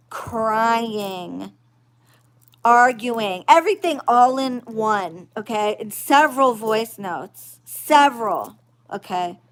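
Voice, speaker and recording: A woman who works as a witch and spiritual reader, venting in a vlog in a blunt, profane, emphatic way and keeping on asking "okay?". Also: fairly high pitch.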